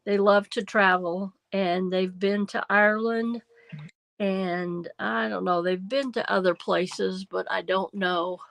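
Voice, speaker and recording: A middle-aged woman hosts a casual crafting livestream from home, her voice nasal and congested from feeling unwell. She talks slowly in a rambling, apologetic way, with a gravelly edge, dry close sound and faint music behind her. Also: medium pitch, fairly even intonation, fairly bright tone, no room sound. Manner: rambling, apologetic, many ums and restarts. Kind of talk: casual livestream chat while junk journaling.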